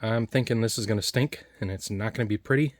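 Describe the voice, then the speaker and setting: A man casually talking through a taste test of old food, rambling and restarting his sentences a lot. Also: fairly low pitch. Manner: rambling, halting, full of restarts and fillers. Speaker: food reviewer.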